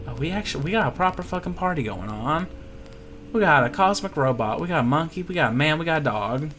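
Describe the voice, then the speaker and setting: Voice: mid-range voice, very animated, brisk, fairly bright tone, slight background noise. A let's play host giving casual gameplay commentary, chatty and giggly, swearing freely.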